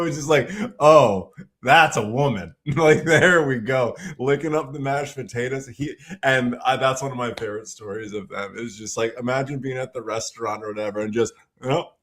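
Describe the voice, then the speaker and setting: A man co-hosting a casual livestream, telling rambling personal stories with a laugh. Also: medium pitch. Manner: rambling storyteller, quick and chuckling.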